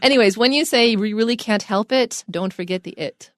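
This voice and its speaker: A woman's voice: a little high, fairly quick, no room sound, studio quality. A woman co-hosting an English lesson, reading example sentences and adding joking asides. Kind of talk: casual lesson banter.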